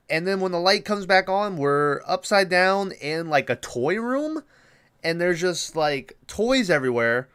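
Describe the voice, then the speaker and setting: A man's voice: a little high, a bit bright, smooth. A man hosting a podcast, recapping a horror movie in a casual, rambling way with lots of swearing and fillers. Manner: rambling, profane, many fillers. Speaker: podcast host.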